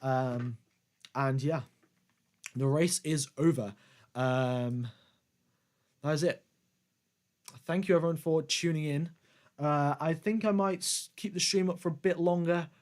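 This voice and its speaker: A man with a slightly high voice hosts a live race stream. He rambles in a casual, conversational way as he reacts to the results and chats with viewers. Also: unhurried, pauses often, a little mellow.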